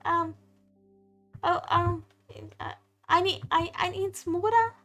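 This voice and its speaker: A woman's voice: very high voice, slow pace, fairly bright tone, soft background music, voice pushed up, exaggerated voice. A woman voicing a whiny male elf prisoner who stammers and pleads to be let out. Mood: whiny pleading.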